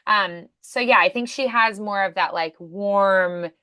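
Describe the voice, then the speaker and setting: A woman's voice: mid-range voice, unhurried, sharp tone, clean tone, no echo. Upbeat woman coach, encouraging and chatty, dry close sound. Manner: upbeat, encouraging, many fillers. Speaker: voice acting coach. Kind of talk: casual coaching.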